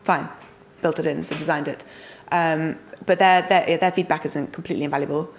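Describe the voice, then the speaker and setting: Low-voiced, upbeat young woman. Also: a little hiss or hum. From United Kingdom. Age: young adult. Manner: energetic, enthusiastic, quick asides. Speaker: startup founder and guest. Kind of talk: casual interview talk.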